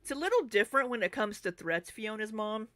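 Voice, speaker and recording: A woman's voice: on the high side, animated, a little fast, fairly bright tone, no room sound. Chatty woman vlogger, dry close sound. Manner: chatty and rambling, with frequent ums and asides. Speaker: commentary YouTuber. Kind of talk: casual commentary vlog.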